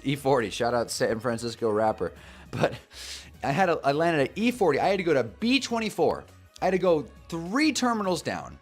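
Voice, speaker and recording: A young man hosting a football talk live stream, telling a story in a chatty, animated way and laughing at his own jokes. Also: a little high, breathy edge.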